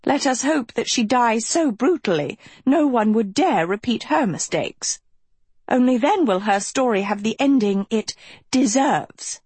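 A woman voicing a stern, commanding female evil teacher who speaks in a cold, menacing, forceful way. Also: a little high, expressive, unhurried, breathy edge, no echo, pitched above the performer's own voice. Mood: coldly scornful.

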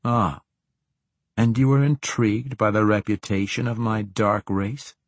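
A man doing a suave, teasing dark elf rogue. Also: on the low side, a little slow, no echo. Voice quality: smooth and flattering. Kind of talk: audiobook character reading.

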